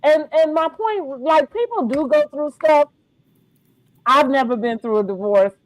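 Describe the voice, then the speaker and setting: A middle-aged woman hosting a casual podcast chat, animated and slangy, laughing often. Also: high voice, measured pace, no room sound, lo-fi sound. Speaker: podcast host. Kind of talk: casual reality-TV recap chat.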